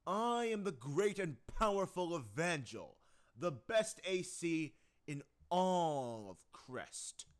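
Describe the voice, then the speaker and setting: A man's voice: big pitch swings, slow pace. A man doing a pompous, boastful mech pilot. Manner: booming, boastful.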